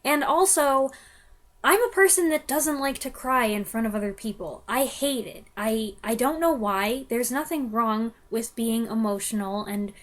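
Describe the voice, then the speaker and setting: A woman's voice: a little high, measured pace. A young woman vlogger chatting to the camera, self-deprecating and laughing often. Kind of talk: casual chat to camera.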